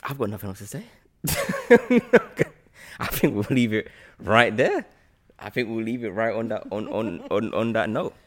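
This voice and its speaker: A man hosting a casual interview, relaxed, chatty and quick to laugh. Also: on the low side. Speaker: podcast host.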